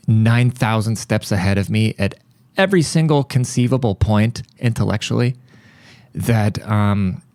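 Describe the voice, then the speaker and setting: A young man hosting a podcast, telling a story in a rambling, profane, animated way. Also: on the low side, dry recording. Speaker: podcast host. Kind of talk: casual monologue.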